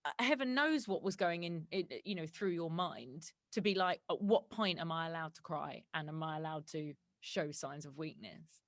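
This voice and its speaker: A woman hosting a podcast, asking questions in a warm, conversational way. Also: deep voice, animated, moderate pace, no echo, clean studio sound. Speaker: podcast host. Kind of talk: empathetic interview.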